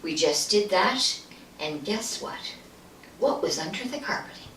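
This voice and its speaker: A woman giving a storytelling speech at a club meeting, acting out the voices and dropping to a hush for punchlines. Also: medium pitch, measured pace. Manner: animated, acts out voices, hushed at punchlines. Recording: echoey room, distant mic, faint noise.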